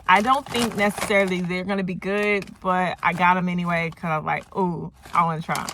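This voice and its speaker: A woman's voice: medium pitch, sharp tone, slight background noise. A woman vlogger rambling through a casual movie recap, opinionated and full of fillers.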